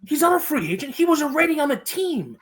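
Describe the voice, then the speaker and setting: Ranting man with a lively, swooping voice. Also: very high voice, quick pace. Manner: ranting, profane, emphatic. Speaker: podcast co-host. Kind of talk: casual podcast banter.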